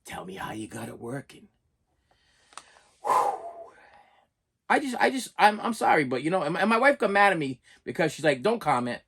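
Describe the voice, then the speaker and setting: A man's voice: a little high, big pitch swings, moderate pace, gravelly, long pauses, fairly bright tone, slightly rough. A man ranting on a vlog, exasperated and stammering with repeated words. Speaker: YouTube reviewer.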